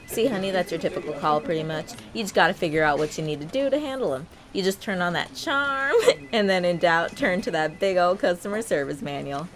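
A woman's voice: fairly low pitch, expressive, brisk, faint music behind, voice pushed down, close to an everyday voice. Woman playing a sassy customer service agent. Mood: gossipy. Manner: sugary phone politeness, sassy gossip.

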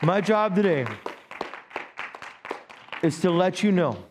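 A man's voice: high voice, takes it slowly, big-room sound, a crowd in the background, noisy background. A man in his fifties, a pastor preaching a sermon in a conversational way, with stammered restarts. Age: 50s. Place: church sanctuary.

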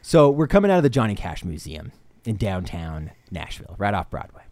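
A man co-hosting a casual podcast, telling a story in an animated way, laughing and restarting his sentences. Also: sits low, brisk, no room sound. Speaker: podcast co-host.

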